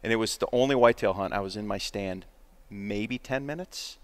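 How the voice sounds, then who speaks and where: A man's voice: on the low side, fairly quick. A man telling a hunting story in casual podcast chat, frank and emphatic, joking at his own expense. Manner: frank, emphatic, self-deprecating. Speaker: podcast guest, hunter.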